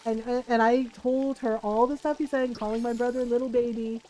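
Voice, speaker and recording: Animated high-voiced woman telling a story. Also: brisk, a little hiss or hum, low-quality recording. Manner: animated, frequent "right?" and laughter. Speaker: streamer. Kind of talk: casual storytelling while gaming.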